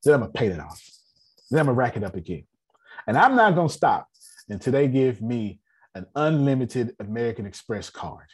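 A man's voice: medium pitch, big pitch swings, fairly quick, a little mellow, husky. A man hosting an online business meeting, giving a casual motivational talk, repeating himself and often checking that listeners understand.

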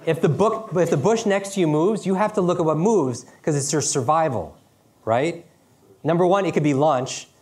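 A middle-aged man giving a lively seminar talk, quick and questioning, often asking his audience "right?". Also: on the high side. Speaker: speaker teaching speed reading.

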